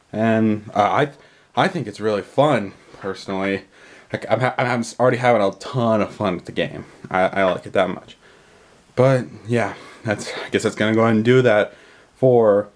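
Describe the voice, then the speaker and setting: A man vlogging casually while out and driving, chatty and rambling with frequent restarts, recorded on a handheld phone. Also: medium pitch. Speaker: gaming vlogger. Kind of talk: casual vlog commentary. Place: outdoors and in a car while driving.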